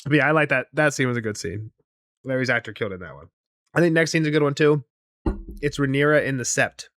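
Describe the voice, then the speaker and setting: A man's voice: medium pitch, fast, no echo, studio quality. A young man co-hosting a podcast, casually recapping a TV episode, acting out character lines and laughing often. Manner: animated retelling, quoting characters, laughing often. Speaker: podcast co-host.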